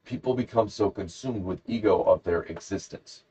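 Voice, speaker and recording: A man's voice: lowish voice, normal speed, warm tone, breathy edge, low-quality recording. A man hosting a podcast, casually telling a rambling, jokey story and acting out the characters. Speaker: podcast host.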